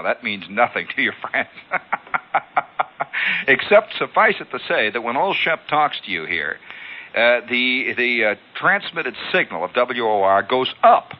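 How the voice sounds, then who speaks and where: A man hosting a radio show, telling a long story in an animated way and acting out sounds, heard on a lo-fi old broadcast. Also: lowish voice. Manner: animated, acts out sounds and callouts. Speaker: radio host. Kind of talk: spoken storytelling monologue.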